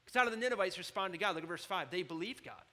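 A man preaching a sermon, moving from low, quiet asides to loud, shouted emphasis. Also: expressive, racing. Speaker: pastor.

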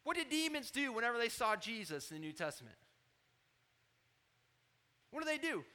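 A man in his thirties preaching a sermon as pastor, animated, rising loud on scripture quotes and dropping low to confide. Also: normal speed, long pauses.

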